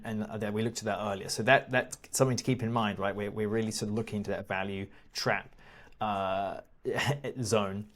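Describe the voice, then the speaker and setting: A man with a lowish voice talks through stock reports on screen in a relaxed, teacherly way. He restarts and repeats words often and lets out the odd chuckle as he explains. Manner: casual, repeats words often, laughs now and then. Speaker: investing educator. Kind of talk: screen-share walkthrough.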